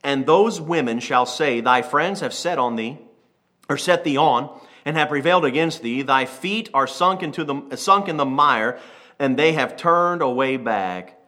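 A man preaching a sermon, reading scripture slowly and then retelling it in lively everyday speech, acting out the characters. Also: mid-range voice. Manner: switches from slow King James reading to lively paraphrase.

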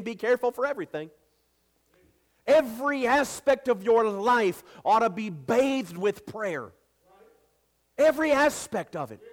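A man in his thirties preaching a sermon, building to emphatic repeated lines and turning chatty with stumbles when telling family stories. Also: very high-pitched. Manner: repeats words when speaking casually. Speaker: pastor.

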